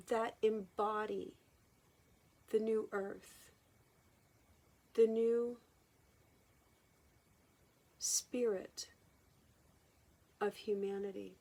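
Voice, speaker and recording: Woman channeling a slow, solemn spirit guide. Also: on the high side, creaky, heavily acted. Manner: slow, drawn-out, hushed words. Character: solemn, gentle male spirit guide counseling humanity. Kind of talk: spoken channeling.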